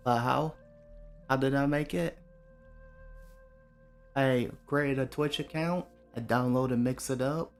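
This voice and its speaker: A man streaming a game, chatting casually and relaxed with his viewers, greeting them by name. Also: medium pitch, slow pace, pauses often. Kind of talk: casual live-stream chat while gaming. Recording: faint music behind the voice.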